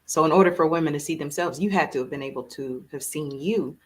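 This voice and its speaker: A woman's voice: low-pitched, fast talker, a little hiss or hum. Brief: woman podcast host, conversational, thoughtful interviewer. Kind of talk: interview questions.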